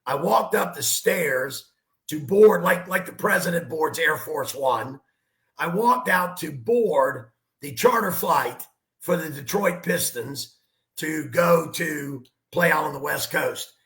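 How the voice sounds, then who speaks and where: A man's voice: fairly high pitch, takes it slowly, reverberant. A man, a basketball coach, telling stories and giving emphatic sports analysis on a talk show. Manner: animated storyteller, emphatic.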